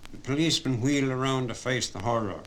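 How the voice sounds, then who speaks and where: A man narrating a story in a steady, measured way. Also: medium pitch, slight background noise, low-quality recording. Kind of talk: audiobook narration.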